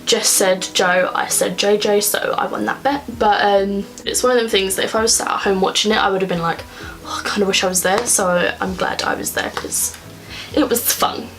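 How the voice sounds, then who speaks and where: A woman's voice: medium pitch, steady tone, normal speed, a bit bright, faint music behind, rough recording. Woman, young adult, chatty get-ready-with-me vlogger, rambly with lots of "like"s, home recording. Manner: chatty and rambling, many filler "like"s. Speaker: beauty vlogger. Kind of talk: casual get-ready-with-me chat. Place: at home, indoors.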